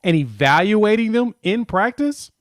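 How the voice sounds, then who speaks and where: Guy chatting college football, kinda high voice, dry mic, thinks out loud. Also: animated, a little slow, dry recording. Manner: thinks aloud, self-correcting. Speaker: co-host. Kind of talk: casual sports chat.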